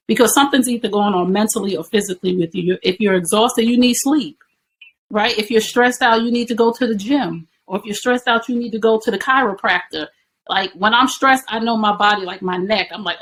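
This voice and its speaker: A woman's voice: medium pitch, fairly quick, fairly bright tone, slight background noise, rough recording. A woman being interviewed, explaining her points in a teaching way and asking herself rhetorical questions that often end in "right?". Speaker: guest. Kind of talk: conversational interview.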